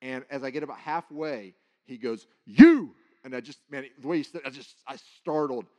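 A man preaching, telling a personal testimony in an animated, excited storytelling way. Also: medium pitch, fairly quick. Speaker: guest preacher.

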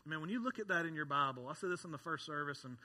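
Man in his thirties, pastor, sermon delivery, bright, slightly high voice, conversational and wry. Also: expressive, very fast. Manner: conversational, joking asides to the congregation.

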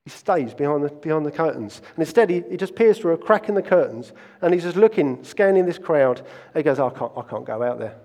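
A man's voice: on the high side, animated, a little fast, dark tone, long reverb tail. A man, preaching a sermon and telling stories earnestly, often restarting his phrases. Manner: earnest storytelling with frequent restarts. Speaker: pastor.

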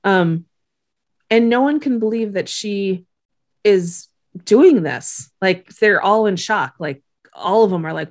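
Gravelly-voiced woman recapping a show. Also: medium pitch, lively intonation. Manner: recounts scenes quickly, laughing often. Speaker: podcast co-host recapping a TV episode. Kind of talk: casual chat, episode recap.

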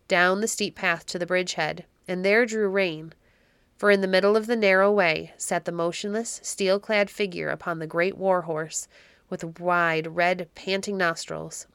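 A woman narrating a classic novel for an audiobook podcast, with calm, measured storytelling. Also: on the low side, dry recording.

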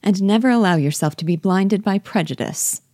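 A woman reading a witty young woman at a ball, quick, teasing and pointed. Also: medium pitch, a little mellow, no echo, studio quality, pitched above the performer's own voice, lightly acted.

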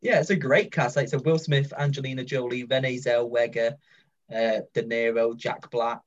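A man hosting a casual group podcast chat, lively and quick to laugh, calling on each guest in turn. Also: medium pitch. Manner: lively, laughing, leads the turns. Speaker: podcast host. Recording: dull lo-fi sound.

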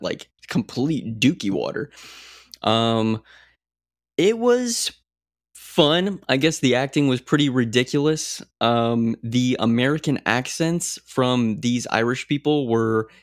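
A young man co-hosting a podcast chats casually, rambling with plenty of fillers and restarts. His mid-range voice comes through clean studio sound with no echo.

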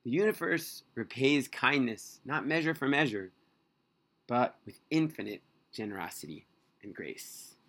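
A man telling a first-person story in scripted narration, earnest and expressive. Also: mid-range voice, unhurried.

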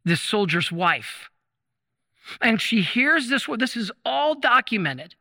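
A man preaching a sermon in a chapel, impassioned and emphatic, slowing down to stress key phrases. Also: very high voice, sing-song, pushed and bright. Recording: long chapel reverb.

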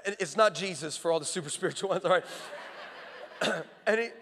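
A preacher man delivers a sermon full of animated, playful stories, often cutting himself off and starting again. His voice sits high for a man. A long reverb fills the large armory hall around him. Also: fairly quick. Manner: animated, playful storytelling with frequent self-interruptions. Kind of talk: sermon with comic storytelling.

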